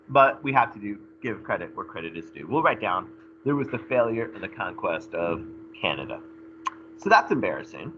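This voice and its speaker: A male history teacher giving a recorded lecture, animated and jokey, talking straight to his students. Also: medium pitch, highs cut off, a little hiss or hum.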